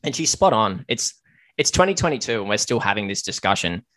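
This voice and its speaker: A man's voice: lowish voice, sing-song, fairly quick, a bit bright, no room sound. A man hosting a casual podcast chat, earnest on serious points and joking with his guests. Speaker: podcast host.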